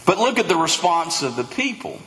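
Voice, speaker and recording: A pastor preaches a sermon with great animation, acting out the voices of the crowd. His fairly high voice is a little fast and fairly bright. The recording carries long hall reverb and a little hiss or hum.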